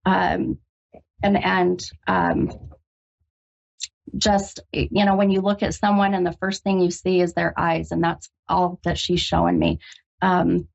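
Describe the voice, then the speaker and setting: Woman, psychic radio host, lightly gravelly, hesitant and comforting, muffled lo-fi sound. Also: fairly low pitch, level tone. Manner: halting, full of ums, gentle and reassuring. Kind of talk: call-in psychic reading. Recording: dull lo-fi radio recording.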